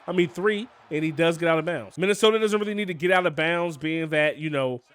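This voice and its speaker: A young man giving casual, excitable play-by-play commentary on his football video game, often calling out to "boys" and "man". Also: fairly high pitch, brisk, smooth, dry recording. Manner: excitable, hypes big plays, keeps saying "boys" and "man". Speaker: gaming YouTuber.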